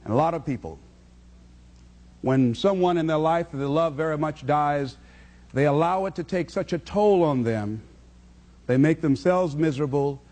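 A man's voice: a little high, mellow. A man giving a motivational speech in a preachy, rhythmic way, repeating key phrases. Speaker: motivational speaker.

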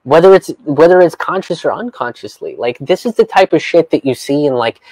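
A man's voice: on the high side, lively intonation, brisk, a little mellow, no room sound, poor audio. A man giving a profane, incredulous rant while reading from an article. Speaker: comedian vlogger.

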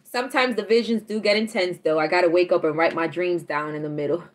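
A woman with a lowish voice talks fast on a tarot livestream, chatting casually in a teasing, animated way. She laughs often while reading out messages from chat.

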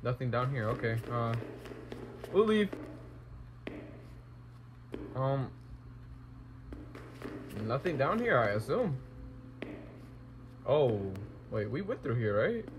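A man's voice: medium pitch, very animated, slow pace, long pauses, slight background noise, rough recording. A young man commentating a horror game let's play, talking to himself and exclaiming at scares. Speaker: gaming YouTuber.

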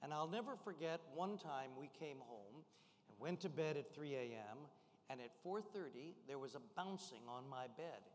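An older man giving a lively keynote talk, working the audience with call-and-response shouts in a large event hall. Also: on the high side, normal speed. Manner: energetic, rousing the crowd with call-and-response shouts. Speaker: guest speaker. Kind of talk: motivational keynote to a live audience. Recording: long hall reverb.

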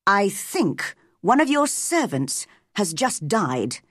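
A woman voicing a serious young Englishman who speaks gravely. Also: mid-range voice, big pitch swings, slow, dry recording, studio quality.

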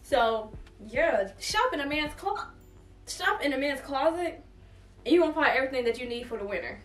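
Chatty high-voiced young woman vlogger. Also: moderate pace, recorded from a distance. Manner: chatty, animated, addresses viewers as y'all. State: has hiccups. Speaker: fashion vlogger. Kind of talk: casual try-on haul chat. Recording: echoey room, voice away from the mic, faint music.

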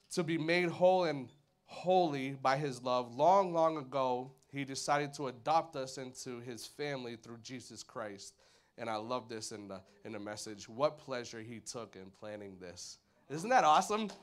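A man preaching a sermon at a church service, energetic and casual, full of slang and jokes. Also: mid-range voice. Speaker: guest preacher.

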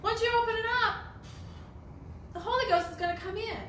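An extremely high-pitched woman, speaking a little fast with a fairly bright tone, teaches a Bible study in an echoey room with slight background noise. She hammers points through repetition and rhetorical questions.

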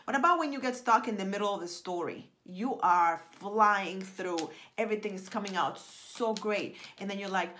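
A woman talking straight to camera as a writing coach, excitable and emphatic, repeating lines for effect and gesturing with her hands. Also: mid-range voice, normal speed, hardly any pauses. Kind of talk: animated direct-to-camera pitch.

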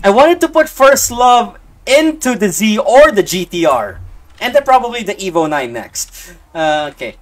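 A young man giving casual live-stream commentary as he plays, excitable, swinging from low mumbling to sudden outbursts. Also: moderate pace. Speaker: game streamer.

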